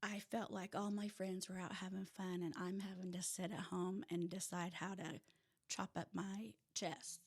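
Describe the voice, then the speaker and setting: A woman from rural Oklahoma with an Oklahoma accent, a podcast guest telling her personal story in casual chat, lively and sometimes dropping to a near-whisper. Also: lowish voice, normal speed. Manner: animated storyteller who drops to a hush at tense moments. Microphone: audio-only podcast mic.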